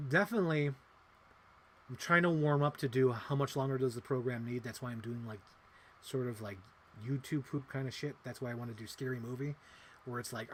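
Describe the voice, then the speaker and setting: A man in his thirties hosting a casual livestream, rambling excitedly and swearing casually. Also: mid-range voice, slight background noise. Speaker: livestream host.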